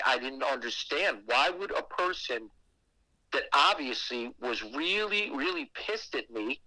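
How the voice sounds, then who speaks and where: A man telling a creepy personal story on a podcast in a casual, animated way, swearing often. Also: medium pitch, measured pace, no echo, poor audio. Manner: animated and heavily profane, with acted asides. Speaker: guest telling a ghost story.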